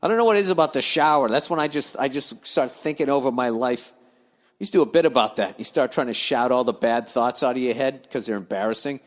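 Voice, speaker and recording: A man's voice: medium pitch, fast talker, in a large hall. A man hosting a podcast, reading listener letters aloud and breaking into profane, grumbling comic rants and digressions. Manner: swears freely, grumbles and digresses. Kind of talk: profane comedic rant.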